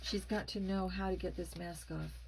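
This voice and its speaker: A woman voicing a boy changed into an old man, with a shaky, croaking voice and a panicked, pleading way of talking. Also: on the low side, steady tone, moderate pace, a little hiss or hum. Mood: urgent.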